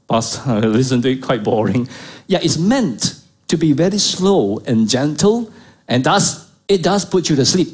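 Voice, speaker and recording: A man's voice: mid-range voice, expressive, a little slow, darkish tone. A middle-aged man preaching a sermon as pastor, emphatic, repeating key phrases and asking the congregation rhetorical questions.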